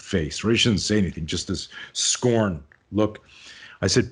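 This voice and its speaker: A man in his fifties, a self-defense teacher and podcast guest, telling an animated story, acting out the dialogue and swearing freely. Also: low-pitched, normal speed, slightly rough.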